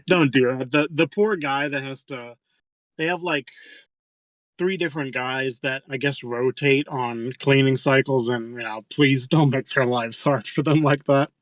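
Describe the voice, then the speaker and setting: A man's voice: medium pitch, fairly even intonation, no room sound. Podcast guy telling a gross work story, cusses a lot, dry dull mic. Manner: storytelling, swears freely, drawn-out asides. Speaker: podcast co-host. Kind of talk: casual chat.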